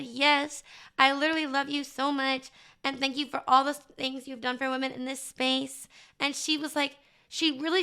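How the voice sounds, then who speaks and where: A woman's voice: high voice, bright, forceful tone, clean tone. A young woman streamer chatting casually to her live chat, bubbly and gushing, with lots of fillers.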